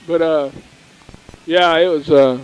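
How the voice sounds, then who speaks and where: A middle-aged man co-hosting a local sports broadcast, telling folksy, animated stories. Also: a little high, slow pace, clear, resonant tone, poor audio. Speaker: radio sports co-host. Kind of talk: casual storytelling.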